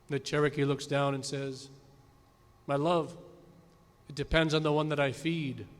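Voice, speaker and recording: Earnest man telling a story, hall echo. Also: fairly high pitch. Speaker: high school principal. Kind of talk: graduation speech. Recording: long hall reverb at a ceremony.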